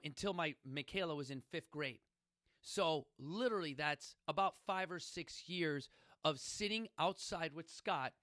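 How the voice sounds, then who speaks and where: A man's voice: on the high side, pushed and bright, dry recording, clean studio sound. A middle-aged man hosting a podcast, telling stories in a casual, emphatic, folksy way and often asking listeners questions. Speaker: podcast host. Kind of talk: casual storytelling talk.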